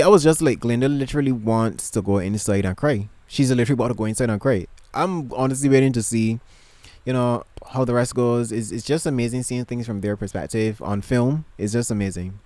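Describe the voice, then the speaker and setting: A man's voice: medium pitch, darkish tone, dry recording. A man vlogging casually from his bedroom, gushing and emotional, rambling with lots of fillers and restarts. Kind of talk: casual chat to camera.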